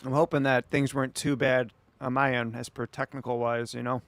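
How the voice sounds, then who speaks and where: A man's voice: medium pitch, level tone, fairly quick, no room sound. A man streaming late at night, chatting casually and rambling back at his viewers.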